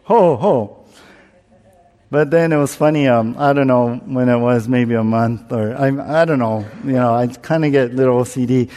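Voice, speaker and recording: A man's voice: mid-range voice, moderate pace, mellow. Self-mocking preacher man, echoing hall. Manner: candid, self-mocking storyteller who acts out his own panic. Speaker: pastor. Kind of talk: sermon with personal story. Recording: long reverb, as in a large hall.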